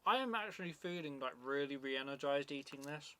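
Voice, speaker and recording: A man's voice: a little high, lively intonation, fairly quick, a bit bright, slight background noise. A man co-hosting a casual product review, enthusiastic, with hesitant phrasing full of "like".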